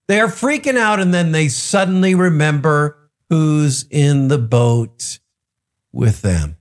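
High-voiced earnest male preacher. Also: lively intonation, slow pace. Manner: earnest, conversational, with rhetorical questions. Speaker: preacher of a daily devotional. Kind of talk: devotional sermon.

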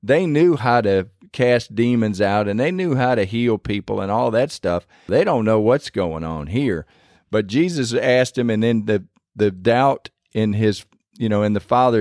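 A man's voice: fairly low pitch, animated, measured pace, darkish tone, no echo, studio quality. A man preaching a sermon in a conversational, earnest way, retelling scripture in his own words.

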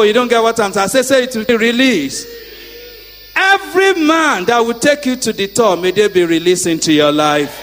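A middle-aged male pastor preaching a sermon, calling on the congregation to repeat after him and rising to shouts. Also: extremely high pitch. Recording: echoey hall.

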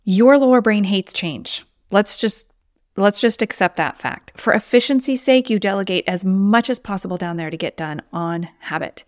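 She's a woman at mid pitch, hosting a solo coaching podcast in a chatty, encouraging way. The sound is close and dry, with no room around it. Now and then she slips into little acted inner voices. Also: normal speed, no room sound. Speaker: podcast host, weight loss coach.

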